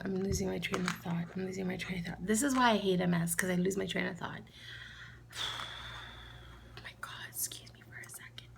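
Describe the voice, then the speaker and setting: A woman with a New York accent, vlogging and telling a story in a chatty, animated way, quoting herself in a raised voice. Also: on the low side, creaky, slight background noise. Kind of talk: casual storytelling vlog.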